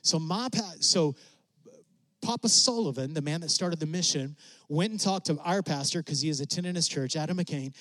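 A middle-aged man preaching a testimony, telling his story with animated leaps up in pitch when excited. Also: normal speed, no echo. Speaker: preacher sharing a mission testimony. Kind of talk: sermon storytelling.

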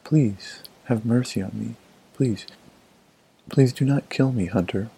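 A man voicing a desperate mother deer who gently begs a hunter for her life, in a gravelly, husky storybook reading. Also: mid-range voice, slow, exaggerated voice, low-quality recording. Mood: pleading. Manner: begging softly.

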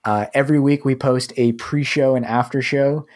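A young American man co-hosts a casual podcast, speaking at a mid pitch. He talks in a loose, relaxed way and often pauses on fillers. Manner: relaxed, filler-heavy, hesitant. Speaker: podcast co-host.

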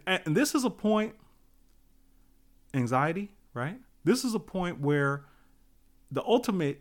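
A man giving a casual motivational talk, emphatic and repetitive, with many fillers. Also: sits high.

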